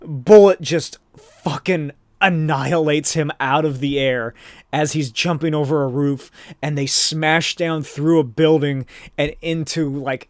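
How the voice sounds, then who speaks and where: A man's voice: a little high, dry recording, clean studio sound. A man hosting a podcast, recapping a comic book in a casual, rambling way with lots of filler words. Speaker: podcast host.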